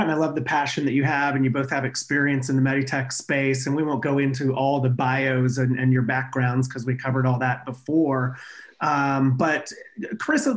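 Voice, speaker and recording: A man hosting a podcast interview in an upbeat, chatty way, often restarting his sentences. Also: mid-range voice. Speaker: podcast host. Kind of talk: conversational interview.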